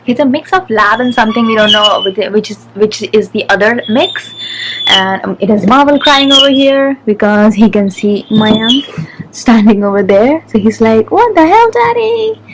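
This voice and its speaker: A woman vlogging casually, chatting excitedly and talking straight to her viewers. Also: fairly high pitch, moderate pace, very noisy. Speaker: lifestyle vlogger. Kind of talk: casual vlog narration to camera.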